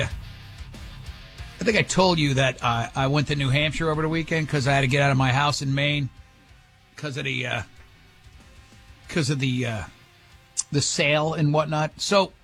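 A man hosting a radio show, telling a rambling, animated story in casual banter with his co-hosts. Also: a little high. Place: radio studio.

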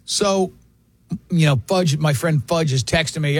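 A man's voice: fairly high pitch, moderate pace. A man hosting a sports radio show, chatting casually and telling rambling, self-deprecating stories.

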